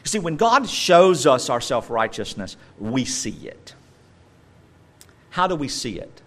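A male preacher delivering a sermon with animated emphasis and wry, playful asides. His voice sits in an ordinary middle pitch. He swings between loud emphasis and quieter, confiding stretches. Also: measured pace.

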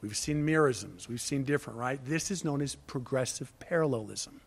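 A man preaching a sermon, swinging between loud, urgent appeals and hushed asides. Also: mid-range voice, moderate pace, gravelly, slightly rough. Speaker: pastor.

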